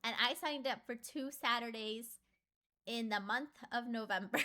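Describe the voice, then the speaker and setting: In an unhurried way, this young adult woman talks casually with her viewers. Her speech is full of fillers, with abrupt rises in pitch when something excites her.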